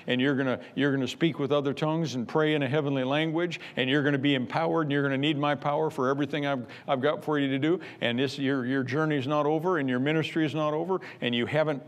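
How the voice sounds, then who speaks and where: Emphatic man preaching a sermon. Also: a little high. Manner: emphatic, repetitive, rising to loud bursts. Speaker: pastor.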